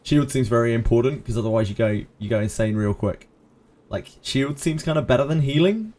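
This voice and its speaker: A man's voice: medium pitch, lively intonation, fairly quick, dark tone. Easygoing man chatting on stream. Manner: chatty, laughs often, answers viewers by name. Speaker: game streamer. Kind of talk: casual live-stream chat.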